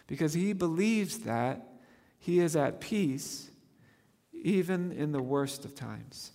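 A man's voice: fairly high pitch, animated, slow pace, dark tone. Emphatic male pastor in a reverberant church. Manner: earnest, emphatic, rises on key words. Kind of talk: sermon.

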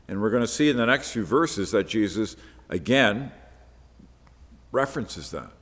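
A man's voice: fairly low pitch, lively intonation, moderate pace, a bit bright, in a large hall. A man preaching a Bible-teaching sermon, explaining the passage step by step in a conversational way.

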